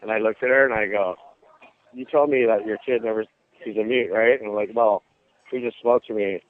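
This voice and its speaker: Here a man with a fairly low voice talks a little fast as he recounts a surfing story over the phone to a show. He's a surf instructor and an animated storyteller who performs the quoted voices, heard through a dry, tinny line.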